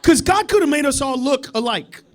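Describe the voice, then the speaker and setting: A man doing a live stand-up routine in a comedy club, profane and confrontational, needling the audience and swinging from low muttering to shouting. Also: expressive, normal speed.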